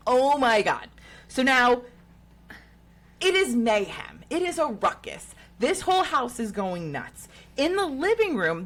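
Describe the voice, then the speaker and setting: A woman, co-hosting a podcast and retelling a story in a casual, profane, animated way. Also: medium pitch. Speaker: podcast co-host.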